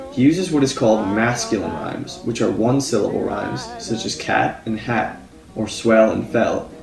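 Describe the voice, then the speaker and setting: A man's voice: fairly low pitch, gravelly. A man presenting an analysis of a poem to a class, reading explanations from his notes. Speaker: student presenter. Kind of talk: read school presentation. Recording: echoey room with guitar behind.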